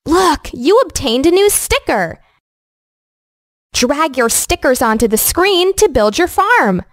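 High sing-song woman guiding a children's game. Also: sing-song, no echo. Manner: slow, sing-song and encouraging, like a preschool teacher. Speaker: game narrator. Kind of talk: scripted narration for young children.

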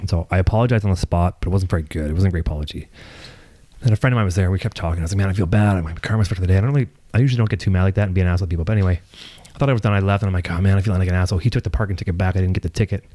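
A man's voice: sits low, racing, mellow, dry recording. A man hosting a casual podcast chat, rambling through a story with lots of restarts and casual swearing. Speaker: podcast host.

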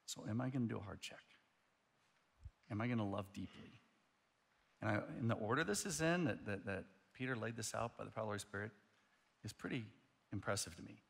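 A male pastor preaching a sermon, telling a story in an animated way, often restarting his sentences. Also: lowish voice, brisk, vocal fry, pauses often.

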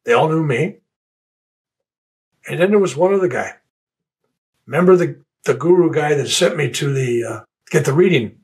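An older man telling the personal story of his out-of-body experience, halting and repeating words as he searches for them. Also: a little high, animated, a little mellow, low-quality recording. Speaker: interviewee.

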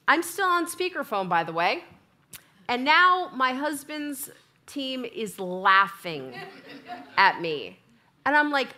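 With a high-pitched voice and a slow delivery, a woman gives a sermon in church. She recounts a humorous personal anecdote, animatedly voicing each person in the exchange.

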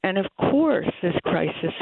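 A woman's voice: medium pitch, big pitch swings, a little slow, creaky, husky. A middle-aged woman guest in an interview, speaking in an earnest, thoughtful way. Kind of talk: conversational interview. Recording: phone-like remote line.

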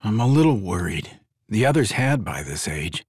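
A man's voice: on the low side, very animated, normal speed, a little mellow, breathy edge, no room sound, studio quality. A man voicing a weary adult dragon-shifter father who mutters and groans in exasperation. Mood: exasperated.

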